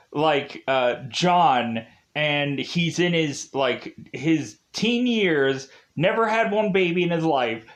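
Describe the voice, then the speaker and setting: A man giving a casual spoiler review of a TV show, rambling with many fillers and frequent laughs. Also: high-pitched.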